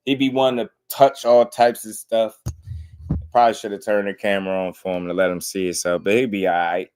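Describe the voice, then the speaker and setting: A man's voice: fairly low pitch, flat delivery, a little fast, a little mellow, clear, resonant tone. A man, hosting a casual boxing livestream and chatting loosely with his viewers. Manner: loose and talkative, slangy.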